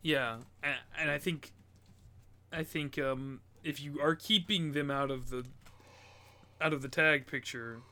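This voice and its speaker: A man co-hosting a casual wrestling podcast, talking excitedly and swearing freely. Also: on the high side, a little slow. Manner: excited, swears a lot, jokey. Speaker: podcast co-host.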